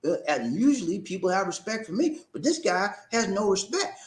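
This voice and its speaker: A man hosting a live-stream talk show, reading viewer comments and calling out shout-outs in an animated, preacher-like way. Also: high-pitched, a little fast, reverberant.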